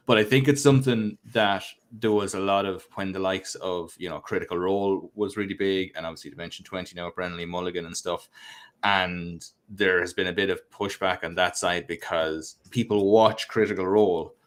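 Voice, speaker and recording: A man in casual podcast conversation about tabletop games. He thinks out loud, rambles with fillers and pokes fun at himself. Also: low-pitched, steady tone, normal speed. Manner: reflective, rambling with fillers, self-deprecating. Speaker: podcast co-host.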